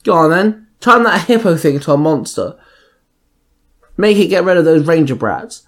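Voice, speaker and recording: Man putting on a scheming villainess, raised pitch, sneering, impatient, storytelling. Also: lively intonation, moderate pace.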